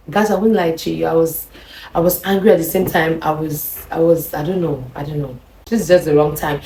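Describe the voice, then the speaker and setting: A Nigerian woman telling a personal relationship story to her viewers in an animated way, often talking to them directly. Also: sits low, a little fast. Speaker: vlogger. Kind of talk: storytime monologue. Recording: roomy echo.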